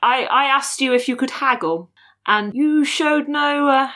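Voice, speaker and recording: A woman's voice: high-pitched, a little slow, sharp tone. A woman playing a tabletop game, talking in a hesitant way with many fillers. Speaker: player. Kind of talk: tabletop role-play chat.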